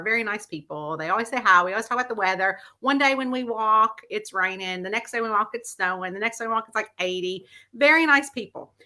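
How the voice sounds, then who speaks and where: Woman, mystery author, casual vlog chat, animated storytelling, bright tone. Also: medium pitch. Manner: animated storyteller who acts out the voices in her anecdotes.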